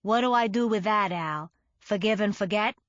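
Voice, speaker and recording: A woman reading a calm, bitter widower. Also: medium pitch, normal speed, no echo, muffled recording, natural voice. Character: grieving bitter middle-aged widower.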